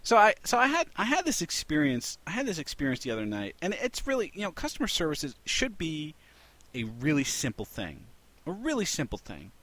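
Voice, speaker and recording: Lively, animated male podcast host. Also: a little high, a little fast. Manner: animated storytelling with frequent restarts. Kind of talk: casual podcast chat.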